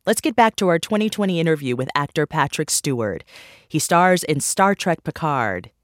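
A radio host giving a clear, scripted introduction to an interview. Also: male voice, fairly high pitch, animated, moderate pace, no echo, clean studio sound. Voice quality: clear, read-aloud delivery.

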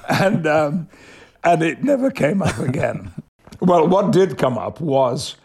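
An older man with an English accent, an actor guest in a radio interview, speaking in a measured, thoughtful way. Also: on the high side, very animated, a little mellow. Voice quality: gravelly and husky. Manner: measured, thoughtful, reflective storytelling.

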